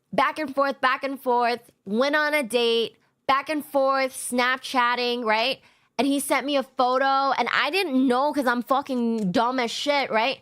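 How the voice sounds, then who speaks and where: A young adult woman streamer telling a story in casual chat, animated, self-mocking and swearing a lot. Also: a little high.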